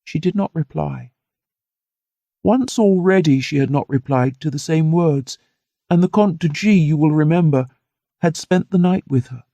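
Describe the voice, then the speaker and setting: Gravelly, mellow male audiobook narrator. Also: a little high, moderate pace, no echo, lo-fi sound. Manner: earnest, steady first-person storytelling. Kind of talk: scripted narration of a classic novel.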